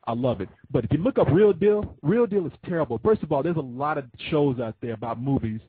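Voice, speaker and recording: A man's voice: fairly high pitch, fast talker, husky, no echo. A man hosting a call-in show, chatting loosely and joking with callers, swearing freely. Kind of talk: casual call-in chat. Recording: tinny phone-line sound.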